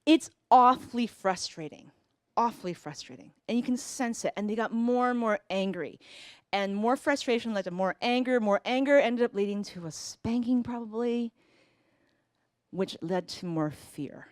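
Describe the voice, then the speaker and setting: A woman's voice: fairly high pitch, moderate pace, a little mellow, no room sound, studio quality. A woman in her forties telling a personal family story, earnest and reflective, acting out bits of dialogue.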